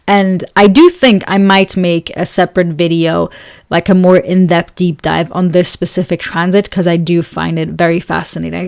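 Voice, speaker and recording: A woman's voice: lowish voice, gravelly, dry recording. Woman, astrologer, casual forecast talk, chatty, hunts for words, dry close sound. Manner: chatty and searching for words, with frequent fillers and light laughs; speaks several languages. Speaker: astrologer hosting a weekly forecast channel. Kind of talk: casual explanatory monologue.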